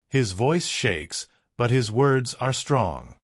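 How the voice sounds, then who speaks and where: Slow, deliberate male story narrator. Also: medium pitch, very animated, no echo, clean studio sound.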